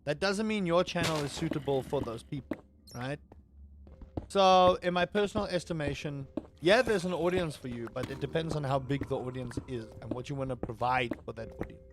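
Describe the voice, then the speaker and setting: A man's voice: on the high side, brisk, background noise. A man streaming live, chatting casually and rambling as he answers his chat. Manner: rambling, talks to chat, self-interrupting. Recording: faint music behind.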